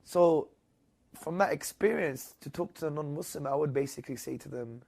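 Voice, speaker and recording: Animated British man telling a story. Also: a little high, normal speed, creaky. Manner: lively, rising and loud when quoting others. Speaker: interview guest.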